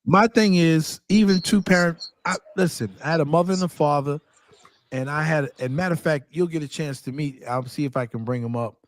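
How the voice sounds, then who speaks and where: A man's voice: a little high, fairly quick, no echo. A man talking earnestly and reflectively in a casual podcast conversation.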